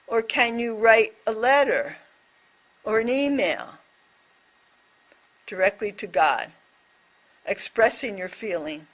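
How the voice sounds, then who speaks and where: A woman voicing a deaf presenter's signed reflection on a scripture story, speaking in short, measured phrases. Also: fairly high pitch, expressive, a bit bright.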